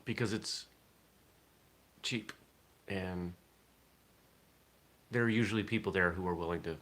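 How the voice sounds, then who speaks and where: A man's voice: low-pitched, unhurried, a bit bright. A man hosting a casual morning vlog, rambling and thinking aloud with fillers. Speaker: vlog host.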